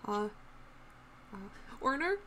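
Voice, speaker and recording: A woman's voice: high-pitched, very animated, takes it slowly, bright, forceful tone, a little hiss or hum. A woman player in a tabletop game, talking casually and hesitantly while fumbling for words.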